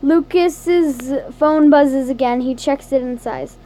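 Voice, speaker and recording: A woman narrating a second-person interactive story in a soft, unhurried storytelling manner. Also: high-pitched.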